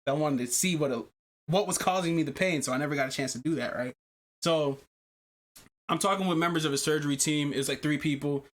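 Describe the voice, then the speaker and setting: A man hosting a podcast, telling a long personal story in casual chat, animated and profane, often repeating himself. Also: on the high side, fairly quick. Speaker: podcast host.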